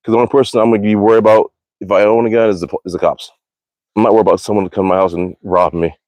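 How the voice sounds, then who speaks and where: A man's voice: lowish voice, flat delivery, rapid-fire, darkish tone, dry recording. A man chatting casually on a live stream about archery, rambling, swearing freely and correcting himself mid-sentence, recorded in a backyard. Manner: rambling, profane, self-correcting. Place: backyard outdoors.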